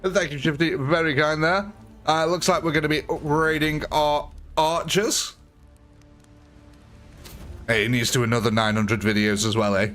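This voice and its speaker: A man's voice: a little high, normal speed, pauses often, fairly bright tone, soft background music. Chatty male game streamer. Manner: chatty, thanks viewers often. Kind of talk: live stream gameplay commentary.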